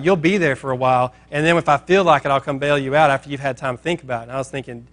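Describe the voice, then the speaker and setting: Animated storytelling male preacher. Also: fairly high pitch, very fast, few pauses. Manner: animated, acting out characters. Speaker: pastor. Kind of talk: sermon storytelling.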